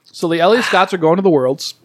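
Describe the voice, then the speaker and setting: A man co-hosting a podcast, excitable and profane, laughing often as he banters. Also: high voice, fast, background noise. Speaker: podcast co-host and editor.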